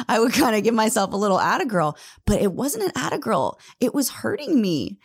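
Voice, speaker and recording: A woman's voice: mid-range voice, sing-song, quick pace, hardly any pauses. A woman in her thirties giving an earnest, emphatic motivational talk, often addressing listeners directly as "guys.". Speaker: motivational speaker.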